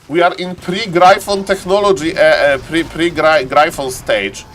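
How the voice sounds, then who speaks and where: A man casting a live strategy game with a slightly high voice, swinging from playful asides to sudden excited shouts. Faint room ambience sits behind him. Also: measured pace, few pauses, slight background noise. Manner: excitable, bursts into high exclamations. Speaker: game caster. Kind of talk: live esports commentary.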